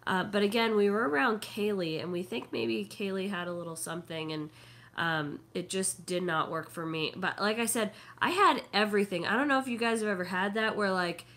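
Sick woman with a rough, throaty voice. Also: mid-range voice, brisk, a bit bright. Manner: rambling, full of fillers and hesitations. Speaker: vlogger. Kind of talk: casual chat.

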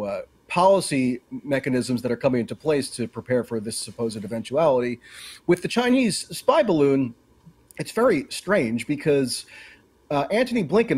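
A man's voice: mid-range voice, darkish tone, slightly rough. A man, a guest journalist in a political interview, explaining at length in an analytical way, with many fillers.

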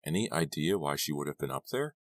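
A man voicing a patient female police officer asking measured questions. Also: extremely low pitch, expressive, no echo.

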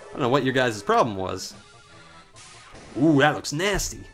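A man's voice: mid-range voice, normal speed, pauses often, soft background music. Young guy doing lets play commentary, rambly, curses a lot, bouncy up and down voice. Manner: rambling, swears casually, animated reactions. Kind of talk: casual gameplay commentary with storytelling.

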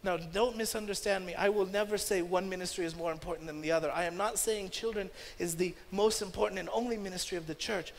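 A man pastor preaching a sermon emphatically, with loud stresses that drop into hushed asides. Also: sits high, steady tone, fast, creaky, hardly any pauses, slight background noise. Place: church sanctuary. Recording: long church-hall reverb.

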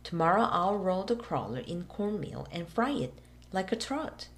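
A woman's voice: on the low side, sing-song, moderate pace. A woman voicing an eager, confident boy who talks in a persuasive, upbeat way in a storybook reading.

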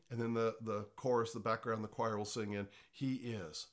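A man's voice: fairly low pitch, little pitch movement, moderate pace, hardly any pauses. A pastor giving an informal, earnest teaching with a slightly congested voice, often restarting his words.

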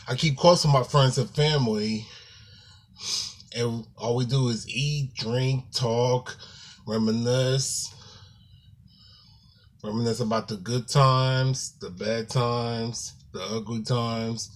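Slow, halting man talking to viewers. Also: mid-range voice, steady tone. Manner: slow, halting, apologetic, talks to viewers as "y'all". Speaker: YouTuber. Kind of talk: casual talk to camera.

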